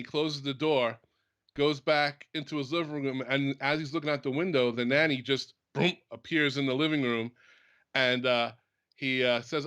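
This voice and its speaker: A man co-hosting a casual church talk show, retelling scenes at length in a relaxed way. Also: medium pitch, moderate pace, smooth. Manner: relaxed storyteller, recounts scenes with quoted voices. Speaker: church podcast co-host. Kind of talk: casual faith discussion.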